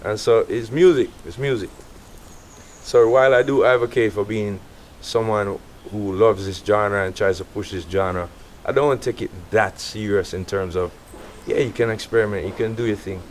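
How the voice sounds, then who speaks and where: Low-voiced Jamaican man telling stories. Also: moderate pace, a little hiss or hum. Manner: relaxed, animated storytelling with quoted voices. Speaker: interview guest, artist. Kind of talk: casual storytelling interview.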